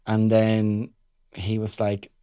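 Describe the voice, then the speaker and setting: A man's voice: on the low side, completely flat delivery, takes it slowly, warm tone, clean tone, no room sound, clean studio sound. A young adult Irish man co-hosting a podcast, chatting casually and jokily, often acting out what people said. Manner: chatty, jokey, acts out quotes. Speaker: podcast co-host. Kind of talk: casual chat.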